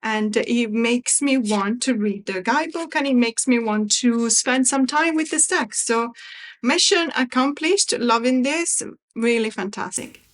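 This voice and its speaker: A woman's voice: a little high, a little slow. A woman chatting on her tarot vlog, worried while she waits for news and rambling with restarts as she unboxes decks. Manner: chatty, distracted, many restarts and fillers. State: worried, waiting for evacuation news. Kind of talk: casual chat, reading card guidebook aloud.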